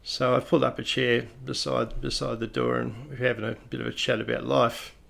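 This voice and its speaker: A man's voice: medium pitch, level tone, a little fast, creaky, fairly bright tone. An Australian man who is a police officer, telling a personal story in a plain-spoken, reflective, conversational way.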